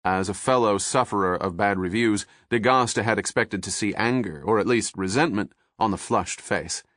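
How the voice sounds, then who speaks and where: A man narrating a thriller audiobook in a measured, steady scripted style. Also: lowish voice, no echo, clean studio sound.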